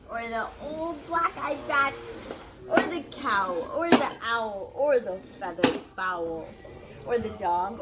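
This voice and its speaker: A woman's voice: a little high, background noise. A woman reading a children's story aloud at story time, sing-song and playful, drawing out the rhyming lines. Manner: sing-song, animated, slow and drawn-out.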